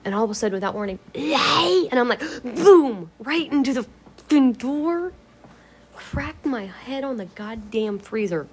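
A woman's voice: a little high, lively intonation, measured pace, husky. A woman vlogging at home in a casual, rambling way, swearing freely, laughing often and drifting into whispers.

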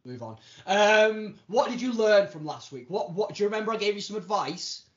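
Lively, high-voiced joking podcast host. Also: male voice, normal speed. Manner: teasing, showy announcer delivery. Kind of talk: comedy podcast banter. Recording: dull lo-fi sound.

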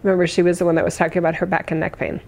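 Hoarse, gravelly woman chatting. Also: fairly low pitch, flat delivery, racing, darkish tone. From United States. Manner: chatty, effusive, laughs often. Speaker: livestream host. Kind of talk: casual livestream chat reading comments.

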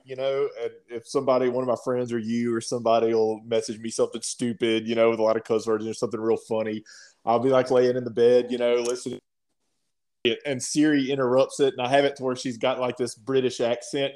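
A man's voice: mid-range voice, darkish tone. A man co-hosting a casual podcast, talking in an easygoing, rambling way and swapping jabs with his friend. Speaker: podcast co-host.

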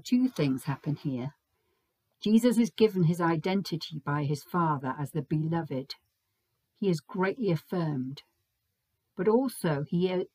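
A woman preaching a Sunday sermon in a measured, gentle and reflective way. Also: deep voice, husky, dry recording. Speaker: preacher leading a Sunday service.

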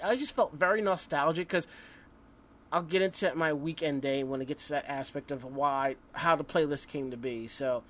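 A man hosting a casual podcast, chatting in a rambling way with friendly asides. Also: fairly high pitch. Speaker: podcast host. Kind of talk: casual chat.

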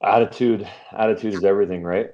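A man's voice: lowish voice, steady tone, fast, dull audio. A man hosting an interview, asking curious, encouraging questions.

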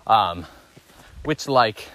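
A man's voice: on the low side, expressive, drawn-out words, fairly bright tone, slight background noise. Rambling young man chatting on a trail. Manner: rambling, laughs often, many fillers. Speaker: podcast co-host. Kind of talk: casual chat while hiking. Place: outdoor woodland trail.

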